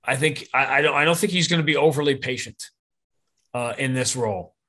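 A man speaks at a middle pitch as a podcast guest. His talk is rambling and opinionated, with many restarts and self-corrections as he works through his point. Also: fairly quick, pushed and bright. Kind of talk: casual podcast conversation.

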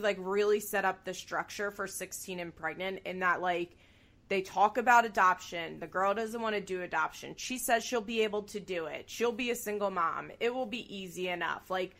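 A woman recaps a reality show as a podcast co-host, keeping the chat casual and lively, full of laughter and the occasional curse. She speaks at normal speed with a medium-pitched, slightly bright voice.

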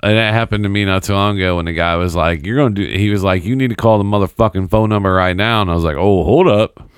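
A man in a casual chat telling a story from work, relaxed and trailing off between laughs. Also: fairly low pitch, quick pace, smooth, no echo, studio quality.

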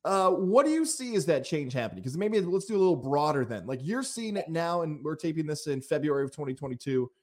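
A man's voice: expressive, a little fast, hardly any pauses, darkish tone. Upbeat podcast host man. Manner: upbeat pitchman delivery. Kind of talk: reading sponsor ads and interviewing.

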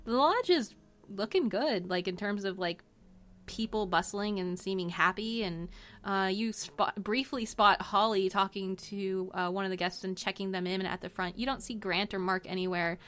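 A woman at a middle pitch narrates a tabletop role-playing session as game master. She wanders through her descriptions with frequent fillers, restarts and asides. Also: normal speed, fairly bright tone. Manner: rambling, many fillers and restarts.

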